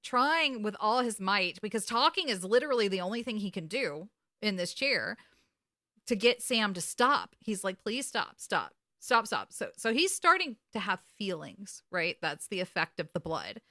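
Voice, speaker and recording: Woman podcast co-host, bright close-mic voice, lively storyteller who acts out the scenes. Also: medium pitch, moderate pace, dry recording. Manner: animated retelling, acts out characters, swears. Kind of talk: casual recap chat.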